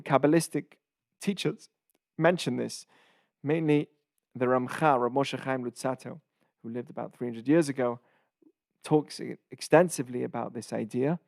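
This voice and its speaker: A man hosting and teaching a casual Torah lesson, explaining in short phrases with pauses and glossing Hebrew terms as he goes. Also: a little high, vocal fry, dry recording, clean studio sound.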